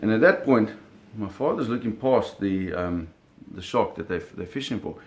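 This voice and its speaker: A man's voice: fairly low pitch, lively intonation, normal speed. A man telling a personal story in casual speech, vivid, acting out sounds and often correcting himself. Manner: frequent self-corrections and repeated words. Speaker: storyteller recalling shark hunting. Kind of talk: casual spoken anecdote.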